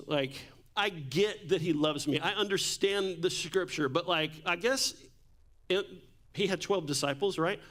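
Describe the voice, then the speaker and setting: A man's voice: high-pitched, unhurried, fairly bright tone. A man preaching a sermon on a church microphone, casual and joking as he tells stories. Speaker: pastor. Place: church sanctuary. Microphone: handheld or stage microphone.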